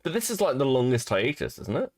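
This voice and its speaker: A man co-hosts a casual reaction chat, his pitch bouncing around a lot. He laughs often, swears freely and mocks what he watches, in a medium voice. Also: very animated, fast. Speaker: podcast co-host.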